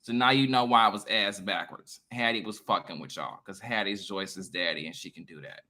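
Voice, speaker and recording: A man in a casual monologue to his viewers, emphatic, profane and lecturing, swinging between loud bursts and quiet asides. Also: on the low side, normal speed. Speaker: online creator.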